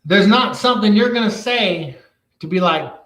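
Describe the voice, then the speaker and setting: A man's voice: sits high, expressive, moderate pace, fairly bright tone. A man who reviews cannabis products, ranting bluntly and swearing constantly in casual talk. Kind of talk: casual profane rant. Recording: echoey room.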